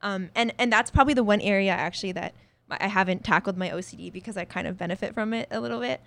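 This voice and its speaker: Young woman musician, talks super fast, chatty, laughs a lot, casual interview vibe. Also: medium pitch, creaky, fairly bright tone. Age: 20s. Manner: quick, chatty, laughs often. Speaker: musician guest.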